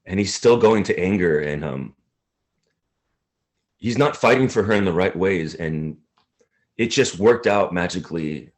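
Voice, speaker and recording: A man, an actor, talking in an interview in an earnest, halting, emotional way. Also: sits low, lively intonation.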